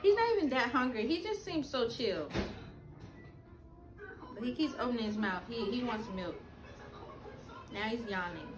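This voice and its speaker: A woman with a high, bright-sounding voice talks loudly and with excitement to her vlog audience. She gushes and coos, slipping into baby talk as she chats away in a casual home video. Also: moderate pace, pauses often, over music. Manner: gushing, animated, talks loudly. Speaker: vlogger and new mother.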